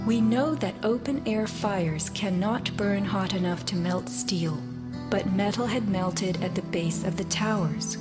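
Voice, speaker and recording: A woman reads documentary narration in a measured, serious voice. Loud music plays underneath her throughout. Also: medium pitch. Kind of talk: scripted narration.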